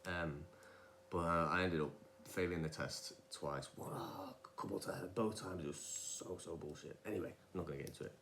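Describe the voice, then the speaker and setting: A man's voice: low voice, brisk, fairly bright tone, slight background noise. A young man talking casually in a podcast-style monologue, rambling and often wandering off track. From England. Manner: rambling, digressive, many restarts and fillers. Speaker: vlogger.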